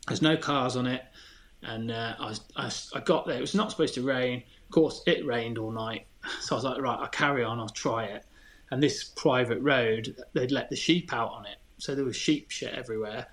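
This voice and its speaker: A man's voice: medium pitch, normal speed. A man, a podcast guest chatting casually and telling candid, self-deprecating stories. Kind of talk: casual chat.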